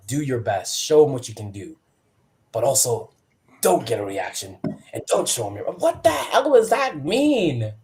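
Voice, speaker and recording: A man's voice: lowish voice, warm tone. A man in his thirties, a wrestler guest, chatting casually on a video call and acting out quotes in shifting voices. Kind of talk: casual storytelling chat.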